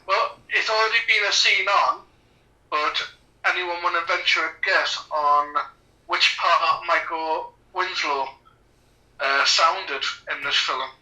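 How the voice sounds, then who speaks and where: A man's voice: a little high, takes it slowly, pushed and bright, poor audio. A man, co-hosting a casual film commentary podcast, rambling and chatty. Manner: rambling, chatty, laughs often. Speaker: podcast co-host.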